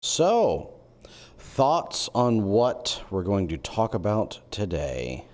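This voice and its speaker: A man's voice: lowish voice, very animated, takes it slowly, a little mellow. A man streaming while in virtual reality, chatting casually and rambling as he greets his viewers one by one. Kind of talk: casual live-stream chat.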